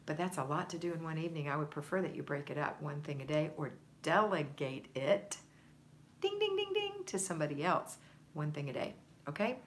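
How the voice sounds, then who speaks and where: Woman, low pitch, livestream home-organizing coach, chatty and encouraging, faint room ambience. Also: a little fast, slight background noise. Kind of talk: livestream chat reading viewer comments.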